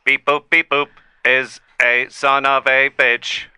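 A man's voice: mid-range voice, level tone, slow, pushed and bright, smooth, no echo. A man voicing a lonely AI survivor inside a man's body, making grandiose, robotic declarations.

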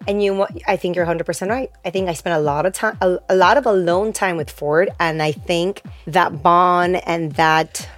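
A woman co-hosting a podcast, chatty and quick to laugh in casual conversation. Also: lowish voice, faint music behind. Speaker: podcast co-host. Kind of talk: casual chat.

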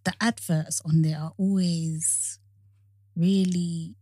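A young woman from England, co-hosting a podcast in casual chat, animated and quick to laugh, with a slightly husky voice. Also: fairly low pitch, no room sound, studio quality. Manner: chatty and animated, laughs often, drawn-out phrasing. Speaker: podcast co-host.

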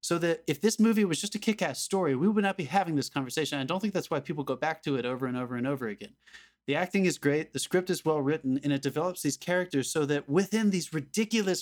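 Passionate, slightly high-voiced podcast co-host. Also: male voice, quick pace. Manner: passionate, rambling, swears freely. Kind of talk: casual movie podcast chat. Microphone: video call.

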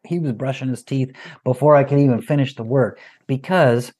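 A man in his thirties, a father talking as a guest, telling stories in a lively, casual way. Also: medium pitch, moderate pace. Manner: animated, lively storyteller. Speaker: parent sharing advice as a podcast guest. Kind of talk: casual conversational storytelling.

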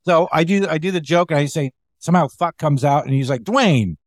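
Stand-up comedian, male, fairly high voice, animated raconteur who swears easily and mimics others; dry, close recording. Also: quick pace, dry recording. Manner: animated, swears freely, acts out quoted voices. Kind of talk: casual storytelling chat. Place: remote call.

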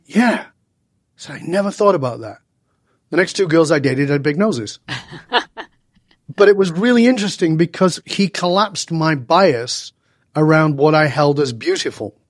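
A man in his sixties from Northern England talks as an interview guest. His voice sits a little high and sounds dry and close, with no room around it. He tells stories with animation, jumping into the voices of the people in them. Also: dry recording. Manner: acts out dialogue with lively voice changes. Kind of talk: animated storytelling in conversation.

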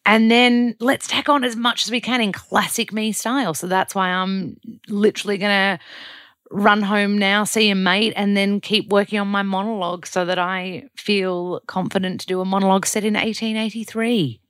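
A woman with an Australian accent and a low voice, giving an upbeat, casual diary-style check-in as a podcast host in a studio. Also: fairly even intonation, moderate pace, fairly bright tone, no echo. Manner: chatty, upbeat, self-deprecating.

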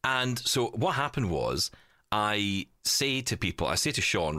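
A man's voice: fairly low pitch, a little slow, no room sound, studio quality. A man chatting casually on a podcast, telling a story and teasing his co-host. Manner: chatty, lively, teasing, lots of "you know".

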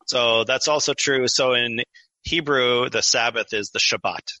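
A man's voice: mid-range voice, a little slow, sharp tone, no echo, poor audio. A man, a guest author in a conversational podcast interview, explaining ideas at length, digressive and full of fillers.

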